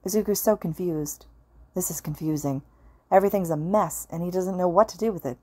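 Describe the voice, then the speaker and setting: A woman narrating a fan fiction story aloud in a steady, even tone. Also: lowish voice, brisk. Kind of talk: audiobook-style story narration.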